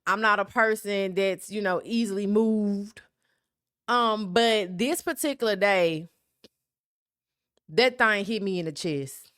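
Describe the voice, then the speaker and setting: A woman's voice: medium pitch, slow, long pauses, a bit bright, smooth, no echo, clean studio sound. Candid Memphis woman hosting a podcast. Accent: Memphis Southern US. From South Memphis, USA. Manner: candid, emphatic, keeps asking "right?". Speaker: podcast host. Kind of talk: solo podcast monologue.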